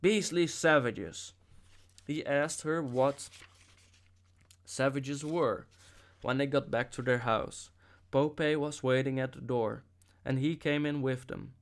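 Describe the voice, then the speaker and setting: A man narrating a novel as an audiobook reader, with a steady storytelling delivery and occasional slips. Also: medium pitch, slow pace, long pauses.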